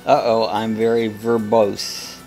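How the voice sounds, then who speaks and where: A man's voice: on the low side, completely flat delivery, slow pace, darkish tone, soft background music. A man hosting a live coffee chat, blunt and jokey, laughing often as he reads viewer comments. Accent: American.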